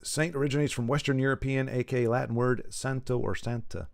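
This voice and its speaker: A man's voice: medium pitch, steady tone, fairly quick, creaky, dry recording, clean studio sound. A man streaming a video game, chatting casually with viewers in a rambling, self-correcting way, with joking asides. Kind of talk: casual live-stream chat while gaming. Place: in Texas.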